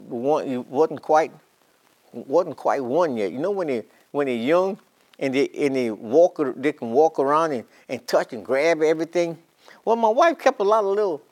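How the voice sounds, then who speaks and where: An older man teaching a Bible class, telling a homespun story with many restarts and repeated words, then building to emphatic preaching. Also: fairly high pitch. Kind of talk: storytelling sermon.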